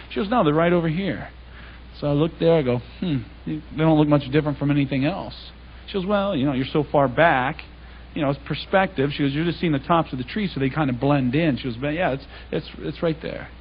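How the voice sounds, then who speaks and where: There's slight background noise on this dull lo-fi recording of a man whose voice runs on the high side. He's giving a public Bible talk, an anecdotal sermon in which he tells stories conversationally and acts out what people said to each other.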